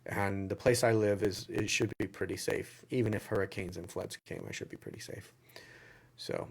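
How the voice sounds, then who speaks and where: A man's voice: lowish voice, fairly even intonation, normal speed, vocal fry, breathy edge. Southern US man, livestream Q&A host, casual and rambling, circles back on his own phrases. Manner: rambling, repeats phrases and restarts.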